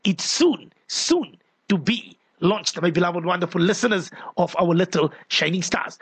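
A South African man hosting a radio call-in show, animated, exclaiming as he reads out listener messages at a studio mic. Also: high-pitched, normal speed, breathy edge, no room sound.

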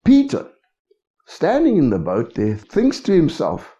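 A man's voice: on the high side, huge pitch swings, measured pace, dark tone. A man preaching a sermon, who keeps checking in with his congregation. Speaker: pastor. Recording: dull lo-fi recording.

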